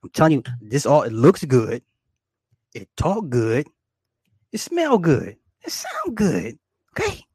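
A man's voice: a little high, huge pitch swings, takes it slowly, long pauses, a little mellow, breathy edge, dry recording. A man delivering a profane, boastful comedic rant to his viewers, repeating himself and laughing often. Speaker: vlogger.

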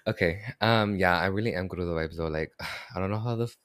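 A man hosting a casual podcast chat, excitable and slangy, cursing freely and hungover. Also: low-pitched, brisk, dry recording, clean studio sound. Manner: excitable, slangy, swears a lot, mixes in Spanish. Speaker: podcast host. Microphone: podcast microphone.

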